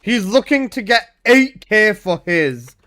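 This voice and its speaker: High-voiced excitable gaming streamer man. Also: takes it slowly. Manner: excitable, teasing, swears, repeats himself. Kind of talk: casual live-stream banter.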